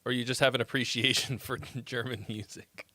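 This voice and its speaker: A man's voice: mid-range voice, steady tone, normal speed, bright, forceful tone. A man hosting a song-feedback livestream in a rambling, profane, joking casual chat. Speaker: host giving song feedback.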